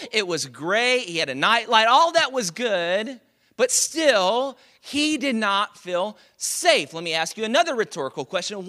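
Bright, high-voiced man preaching. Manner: conversational and joking, with rhetorical questions to the congregation. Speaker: pastor. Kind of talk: sermon.

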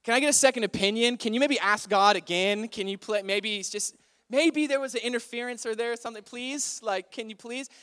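A man voicing an excited, hopeful male baker in a prison cell, speaking in a casual, modern way. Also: extremely high pitch. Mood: pleading. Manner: pleading, hopeful, talks fast.

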